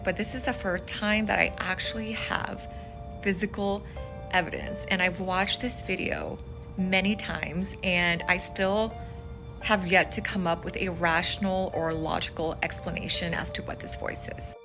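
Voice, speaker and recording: Woman, lowish voice, earnest explanatory story, music underneath. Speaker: mother sharing a personal video.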